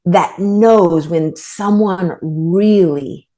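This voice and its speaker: A woman author and trauma therapist, speaking as a podcast guest in a thoughtful, halting way with frequent restarts. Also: on the low side, mellow. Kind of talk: reflective podcast conversation.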